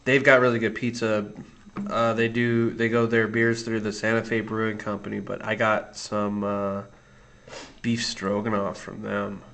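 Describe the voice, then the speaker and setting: A man's voice: fairly low pitch, flat delivery, measured pace, vocal fry, a bit bright. A man co-hosting a casual podcast, joking and teasing his friend. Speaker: podcast co-host. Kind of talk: casual chat.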